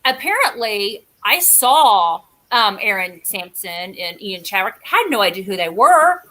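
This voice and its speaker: A woman's voice: mid-range voice, big pitch swings, a little slow, sharp tone. A woman guest in casual chat who talks in a rambling, chatty and self-mocking way.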